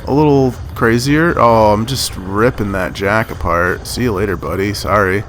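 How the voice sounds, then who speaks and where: A man's voice: on the low side, moderate pace, a bit bright, a little hiss or hum. A man giving casual, rambling commentary over his own gameplay footage, full of fillers and self-corrections. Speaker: gaming commentator.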